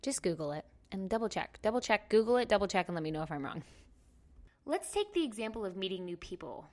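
A woman hosting a podcast, giving a casual motivational talk in an animated, self-mocking way and laughing often. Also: mid-range voice, fast talker.

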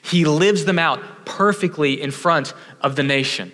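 A male pastor from Houston with a bright, forceful voice, preaching in a room with a long reverb tail. He tells a lively story and switches into other people's voices as he quotes them. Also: on the high side, unhurried. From Houston, Texas. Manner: animated storyteller, acts out quoted voices, self-deprecating. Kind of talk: sermon with personal storytelling.

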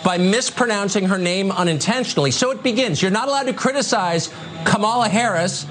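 A man's voice: sits high, expressive, brisk, fairly bright tone, faint music behind. A man hosting a TV news interview, defensive and argumentative. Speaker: cable news host. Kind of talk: heated TV interview.

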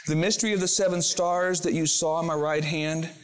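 A man preaching a sermon as pastor, moving between hushed, slow reflection and fervent, emphatic proclamation. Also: on the high side, fairly even intonation.

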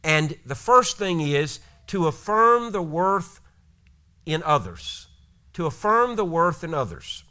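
A pastor delivers a sermon in an earnest, exhorting manner, retelling scripture stories. His voice is high for a man and bright and forceful. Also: big pitch swings, slow.

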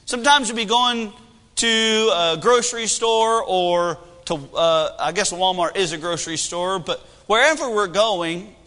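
A man in his thirties preaching a sermon with animated delivery and humor. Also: high voice, measured pace, smooth, in a large hall. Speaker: pastor.

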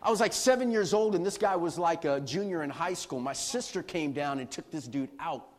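Brief: middle-aged male pastor, high voice, lively sermon storyteller who laughs. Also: a little fast. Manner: animated, laughing storyteller acting out quotes.

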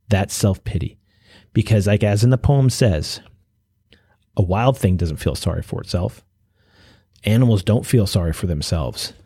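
Earnest low-voiced male podcast host. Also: warm tone, slightly rough, dry recording, studio quality. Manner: earnest, exhorting, with restarts and pauses. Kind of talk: motivational monologue.

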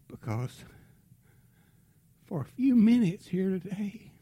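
Middle-aged man, pastor, husky voice, slow unhurried delivery, storytelling sermon. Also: sits high. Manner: animated storytelling, drops to a hush for tender moments.

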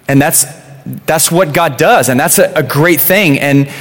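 A man in his thirties gives a relaxed, chatty sermon, stumbling over and repeating his words as he goes. His voice sits a bit high for a man. Long reverb from a large church hall trails after every line. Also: normal speed. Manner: conversational, repeats words, many "you know" fillers. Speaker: pastor.

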